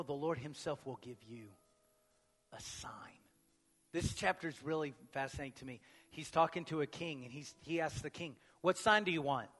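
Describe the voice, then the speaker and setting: A male pastor preaching a sermon, swinging between booming emphatic proclamation and hushed, near-whispered lines. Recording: long reverb of a large hall.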